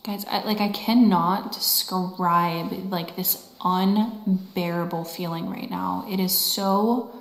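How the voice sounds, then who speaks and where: A woman's voice: on the low side, fairly even intonation, takes it slowly, vocal fry, few pauses. A woman exploring a building as a paranormal investigator, whispering her emotional reactions to the camera. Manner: hushed, emotional, swearing. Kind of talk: whispered ghost-hunting narration. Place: large old building indoors. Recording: echoey large room.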